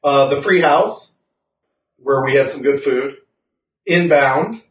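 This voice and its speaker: A man's voice: medium pitch, slow, recorded from a distance. A man co-hosting a podcast in casual chat, rambling, self-correcting, and laughing often. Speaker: podcast co-host. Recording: roomy sound from off-mic.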